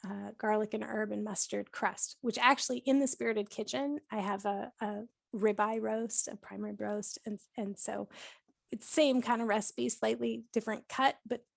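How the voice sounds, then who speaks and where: A woman who hosts a podcast and writes cookbooks tells a personal story while being interviewed casually. Her medium-pitched voice has vocal fry, fairly even intonation, and normal speed, recorded at studio quality with no room sound. She's chatty, laughs often, and leans heavily on "like" and "you know."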